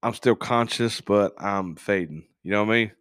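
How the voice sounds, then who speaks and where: A man hosting a casual podcast, telling a personal story in a halting, candid way with frequent swearing. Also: fairly low pitch, fairly bright tone, smooth, no echo, studio quality. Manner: works as an on-call technician, speaks plainly about long shifts. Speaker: podcast host.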